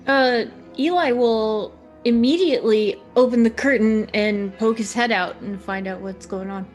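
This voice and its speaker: A woman takes her turn as a player in a tabletop game, with hesitant, stammering speech. Her voice sits a little high for a woman. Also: unhurried, faint music behind.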